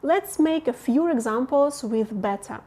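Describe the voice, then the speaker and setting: A woman gives an online language lesson, patient and clear. Her voice sits a little high, and she speaks slowly and deliberately, repeating each word for practice. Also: lively intonation, mellow. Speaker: Russian language teacher.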